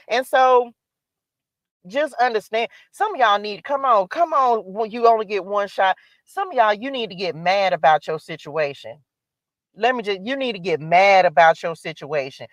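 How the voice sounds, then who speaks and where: A woman's voice: medium pitch, no echo. A woman hosting a spiritual live stream, giving an emphatic, preachy motivational talk that repeats its calls to action. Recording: dull lo-fi dry sound.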